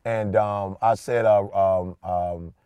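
A middle-aged man co-hosting a podcast, chatting casually and telling an animated, slangy story with lots of emphasis. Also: fairly low pitch, takes it slowly, clean tone, no room sound. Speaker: podcast co-host. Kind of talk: casual chat.

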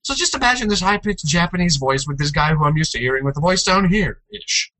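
A young man co-hosting a casual gaming news chat, joking and sometimes jumping into playful high-pitched outbursts. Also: fast, pushed and bright, dry recording, rough recording. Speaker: co-host.

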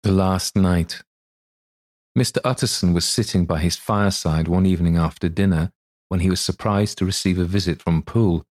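Deep voiced guy reading an old story for a podcast, calm and measured. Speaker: podcast narrator.

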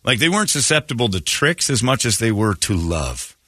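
Animated, joking male radio host. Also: mid-range voice, a little fast, dry recording, clean studio sound. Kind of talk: casual radio banter. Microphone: studio microphone.

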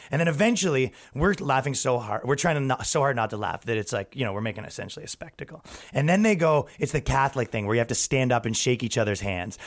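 A young man hosting a podcast, ranting and telling funny stories in a loose, profane way, often acting out the people he quotes. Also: mid-range voice. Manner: animated, profane, quotes people in acted voices. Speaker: podcast host. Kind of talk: casual storytelling rant.

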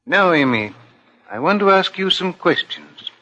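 An actor playing a calm, persistent detective asking measured questions in a 1950s radio drama. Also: male voice, sits high, full character voice. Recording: lo-fi old radio broadcast.

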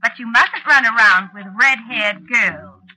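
A woman's voice: a little high, a little slow, bright, forceful tone, heavily acted, poor audio. An actress playing a jealous witch wife in a 1940s radio drama, coaxing and playful with a cold edge. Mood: teasing. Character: teasing, jealous witch wife, coy and menacing.

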